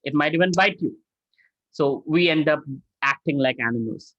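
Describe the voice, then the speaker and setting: A middle-aged man giving a lively lecture-style answer on an online call, acting out angry quotes and asking "right?" often. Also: fairly high pitch, moderate pace, no echo. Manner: animated, acts out angry quotes, asks "right?". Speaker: spiritual mentor answering questions. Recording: dull lo-fi dry sound.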